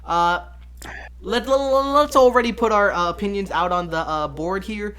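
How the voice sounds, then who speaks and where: A man's voice: high voice, normal speed, pushed and bright, clear, resonant tone. A man casually reviewing a musical film with a friend late at night. He rambles, often giggling, swears freely, and retells scenes in quoted voices. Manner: full of fillers and profanity. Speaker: movie reviewer.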